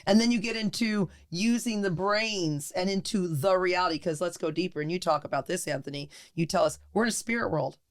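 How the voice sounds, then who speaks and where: A woman's voice: fairly low pitch, a little fast, hardly any pauses. Emphatic woman acting out examples. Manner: emphatic, acts out quoted lines, lively. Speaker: podcast co-host. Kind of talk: animated recovery talk. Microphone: studio podcast mic.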